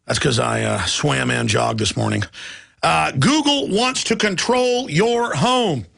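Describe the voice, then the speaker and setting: A man's voice: on the high side, animated, slow pace, vocal fry, a bit bright. A man hosting a talk show, ranting angrily and mockingly in a monologue.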